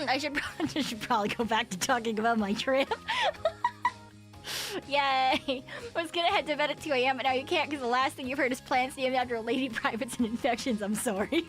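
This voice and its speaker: Faint music plays behind a woman VTuber streamer who speaks fairly quickly in a high-pitched, fairly bright voice. She chats casually, giggling often between sentences and rambling with lots of fillers and self-corrections.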